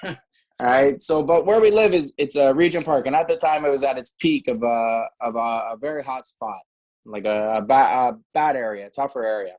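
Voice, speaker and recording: A man's voice: medium pitch, moderate pace, darkish tone, rough recording. A middle-aged man from Canada, a former hockey player telling stories on a podcast in a rambling way, with many restarts. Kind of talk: casual storytelling.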